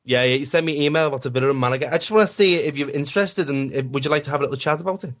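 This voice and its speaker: A man's voice: a little high, rapid-fire, a bit bright. A man hosting a casual radio phone-in, laughing often and swearing bluntly. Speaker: host.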